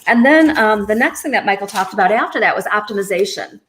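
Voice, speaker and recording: A woman's voice: medium pitch, expressive, quick pace, a bit bright, slight background noise. A woman hosting a casual chat, upbeat and affirming. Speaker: host.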